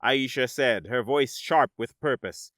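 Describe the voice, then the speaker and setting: A man narrating a science-fiction story in a dramatic, measured audiobook style. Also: mid-range voice, fairly bright tone, no room sound, studio quality.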